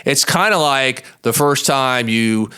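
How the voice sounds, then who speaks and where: A man's voice: mid-range voice, lively intonation, slow, sharp tone, clean tone. A man, a lawyer hosting his own show, telling a story in a blunt, folksy, emphatic way in a monologue podcast. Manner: plain-spoken and blunt.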